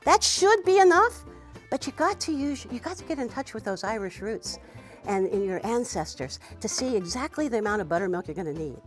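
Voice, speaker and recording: A woman leads a cooking demonstration in a chatty, encouraging way, often saying "wee" and "you know". Her voice sits fairly high and swoops up and down a great deal, with soft music faint in the background. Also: big pitch swings, a little fast. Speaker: cooking teacher and show host.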